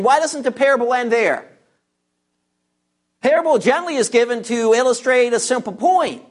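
An emphatic preacher delivering a verse-by-verse sermon. The voice sits at a middling pitch, neither high nor low. Key words are repeated and drawn out slowly for weight. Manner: guides listeners through scripture verses. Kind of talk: expository sermon.

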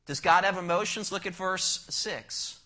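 A preacher with a bright, cutting, high-sitting voice delivers an unhurried expository sermon, explaining the text verse by verse. He keeps posing rhetorical questions to his listeners, and his volume swings from forceful emphasis down to a hushed near-whisper.

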